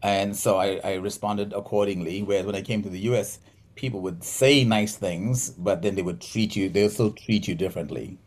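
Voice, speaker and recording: A man's voice: lowish voice, fairly even intonation, normal speed. A middle-aged man from South Africa with a South African accent, a podcast guest talking in a thoughtful way with many fillers and restarts. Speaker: physical therapist, podcast guest. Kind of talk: conversational interview.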